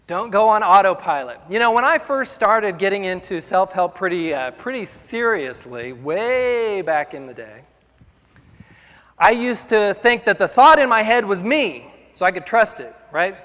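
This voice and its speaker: A man giving a casual motivational speech about self-talk, animated and acting out the voices in his head. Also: sits high, unhurried. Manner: animated, acts out inner voices. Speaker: motivational speaker. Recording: long hall reverb.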